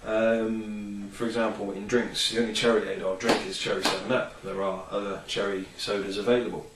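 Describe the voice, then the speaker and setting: A man's voice: on the low side, flat delivery, fairly quick, noisy background. A man reviewing a product in a casual, rambling vlog, full of ums and enthusiasm. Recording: roomy, distant from the mic.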